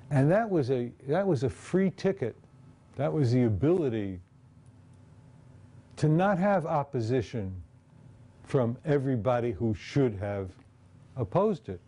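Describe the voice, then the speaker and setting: A man's voice: medium pitch, very animated, takes it slowly, mellow. A man giving a lecture and talking through slides in a conversational way, often checking in with the audience.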